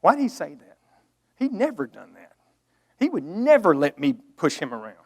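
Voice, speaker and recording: A man's voice: a little high, huge pitch swings, moderate pace. A middle-aged man preaching a storytelling sermon, earnest and emotional, swelling to emphatic outbursts.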